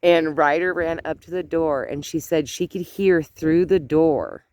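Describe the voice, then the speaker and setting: An older woman, a grandmother, speaks in a low-pitched, darkish voice at a measured pace. She's chatting casually on her vlog outdoors, sharing a family story with laughs and asides.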